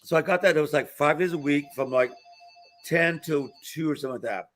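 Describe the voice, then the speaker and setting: A man in his sixties tells winding stories as a guest on a live talk show, his voice sitting a little high for a man. He rambles and restarts often, filling gaps with "like" and "uh" as he acts out what other people said. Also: brisk, fairly bright tone, faint music behind. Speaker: guest performer. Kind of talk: anecdotal storytelling in a talk show interview.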